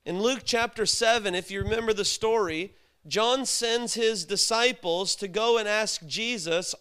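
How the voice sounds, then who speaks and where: A man's voice: sits high, normal speed, pushed and bright, clean tone. A man preaching a sermon, telling stories, acting out quoted voices and asking the listeners rhetorical questions.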